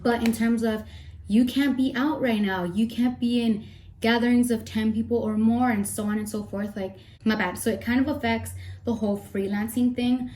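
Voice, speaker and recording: While doing her makeup, a young woman rambles casually in get-ready-with-me style, slightly breathless and full of playful asides. She speaks at a moderate pace with a steady tone, a fairly high pitch, and a darkish timbre.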